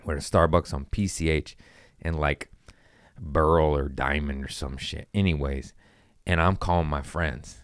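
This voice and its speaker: Deep-voiced, animated young Californian man. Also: unhurried, no echo, studio quality. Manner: animated, acts out quotes with sudden pitch jumps, swears freely. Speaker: comedian telling a story. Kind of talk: casual storytelling on a podcast.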